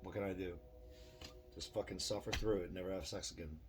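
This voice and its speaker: A man's voice: deep voice, steady tone, fast, very noisy. A middle-aged man vlogging a rambling, profane opinion monologue with self-deprecating asides.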